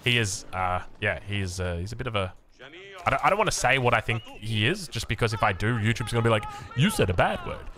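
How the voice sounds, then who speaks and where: A man's voice: lowish voice, fast, a crowd in the background. A young man with an Australian accent, casting a strategy game with jokey, rambling asides. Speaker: game caster. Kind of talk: game commentary with chatty asides.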